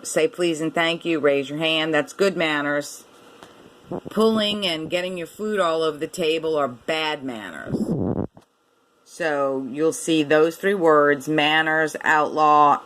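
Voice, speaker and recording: A woman teaching a reading lesson to children, repeating each word and sounding it out letter by letter in a slow, deliberate way. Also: low-pitched, fairly bright tone.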